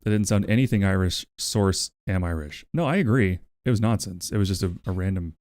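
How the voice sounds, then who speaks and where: A man's voice: sits low, a little fast, a little mellow, no echo, clean studio sound. A man casually chatting with his stream audience, rambling and wry, swearing freely and talking to his pet. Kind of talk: casual livestream chat with a co-working audience.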